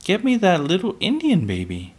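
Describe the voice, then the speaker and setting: A man voicing a small pioneer girl who begs and sobs in a high, whiny voice, read from a storybook. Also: huge pitch swings, moderate pace, breathy edge, heavily acted. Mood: begging. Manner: high whiny begging, sobbing.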